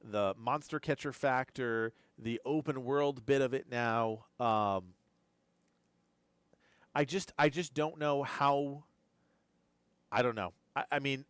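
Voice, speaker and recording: A man's voice: mid-range voice, a little slow, clear, resonant tone, no echo. Male live-stream host, drowsy and rambling reaction commentary, resonant voice with dry close sound. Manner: rambling, repeats words while thinking aloud. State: drowsy, keeps yawning. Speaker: gaming news streamer.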